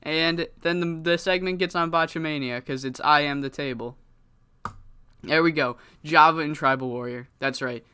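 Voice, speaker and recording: Animated man narrating a wrestling game. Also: on the high side, moderate pace, clean tone. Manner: animated, laughing storyteller. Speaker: gamer narrating a wrestling sim. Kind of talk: casual, profane let's-play commentary.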